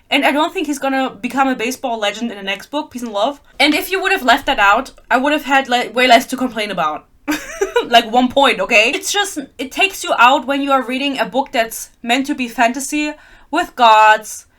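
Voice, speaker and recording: Bright-voiced young woman ranting about a book. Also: on the high side. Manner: sarcastic, laughing, reads quotes aloud. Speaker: book reviewer. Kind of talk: casual book rant vlog.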